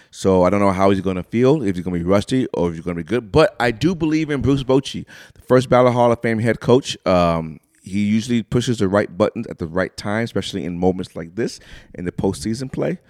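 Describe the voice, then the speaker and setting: A man co-hosting a casual beer-and-sports podcast, loud and joking, with sudden shouted bursts. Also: fairly low pitch, dry recording, clean studio sound. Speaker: podcast co-host. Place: small room, two mics.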